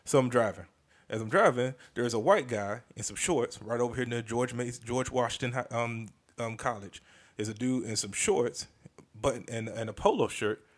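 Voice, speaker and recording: A man hosting a comedy podcast, telling a story in a casual, animated and profane way, often restarting sentences. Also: mid-range voice, moderate pace.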